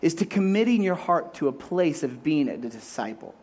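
A man preaching a sermon as a pastor, animated and acting out voices as he makes his points. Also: fairly high pitch, normal speed.

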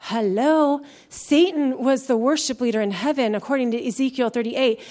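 A woman's voice: high voice, moderate pace, a little mellow. A woman pastor preaching a sermon in a church, building to fervent, emphatic calls to praise. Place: church sanctuary.

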